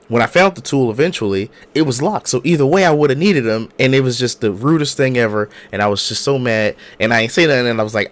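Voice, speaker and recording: A hoarse man, an animated, slangy podcast co-host telling a story over a video call. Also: fairly low pitch. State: hoarse from a cold. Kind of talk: casual chat.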